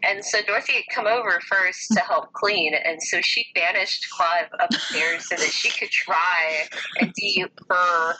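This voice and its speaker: A young woman with a bright, crisp voice that sits a little low in her range. She rambles through her stories in a casual, chatty way and breaks into laughter often. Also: measured pace, poor audio. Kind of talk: casual chat.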